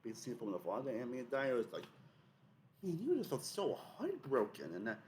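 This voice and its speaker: A man's voice: medium pitch, huge pitch swings, normal speed, a little mellow, a little hiss or hum. A young man hosting a casual video essay, rambling with many fillers and restarts.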